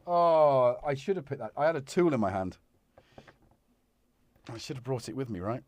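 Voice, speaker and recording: A man hosts a casual live stream while working with his hands, chatting to viewers and muttering asides to himself. His voice swings up and down in pitch as he talks. His pitch sits mid-range for a man. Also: expressive, moderate pace, darkish tone, no echo. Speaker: livestream host repairing a synth. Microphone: wireless mic that drops out of range.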